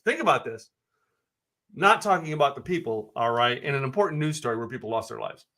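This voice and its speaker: A man co-hosting a business podcast chats casually but emphatically, repeating words and asking pointed questions. His medium-pitched voice sounds animated, pushed and bright, and he speaks a little fast.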